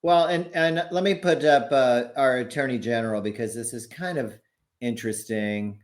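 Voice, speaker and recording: A man's voice: medium pitch, normal speed. A man in his forties co-hosting a podcast, talking through political news in a conversational, explanatory way. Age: 40s. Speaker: podcast co-host. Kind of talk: casual political chat.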